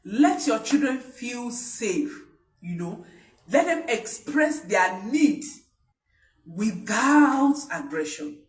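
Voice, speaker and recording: A woman's voice: on the high side, big pitch swings, slow. A woman, a parenting coach giving an emphatic live-streamed talk to parents, repeating her key points. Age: adult parent. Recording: roomy, voice from mic distance.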